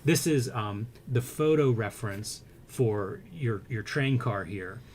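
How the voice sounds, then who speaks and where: A man's voice: mid-range voice, slow, darkish tone, a little hiss or hum. A man co-hosting a casual comics chat, speaking in a thoughtful, analytical way as he points things out on the page. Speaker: co-host.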